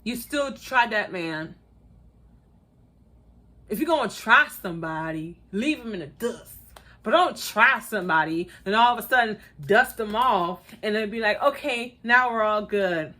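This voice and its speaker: Woman vlogger, bright voice, sassy and animated, laughs a lot, casual chat. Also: mid-range voice, measured pace. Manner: animated and sassy, acting out quotes; laughs often while talking. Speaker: YouTuber reviewing a reality dating show.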